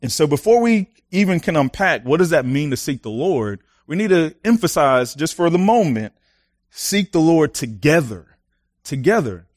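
A young man preaching a sermon, casual and animated, telling personal stories with lots of fillers and laughs. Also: fairly high pitch, moderate pace, few pauses, no room sound, clean studio sound.

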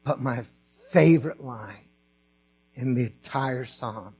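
A man preaching a sermon as pastor, slow and emphatic, rising to fervent preaching. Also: medium pitch, darkish tone, breathy edge.

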